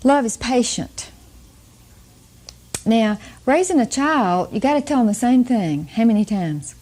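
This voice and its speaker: Older woman teaching the Bible, mellow voice. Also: a little high, expressive, measured pace. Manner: chatty, laughs often, asks the audience questions. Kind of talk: folksy Bible teaching talk.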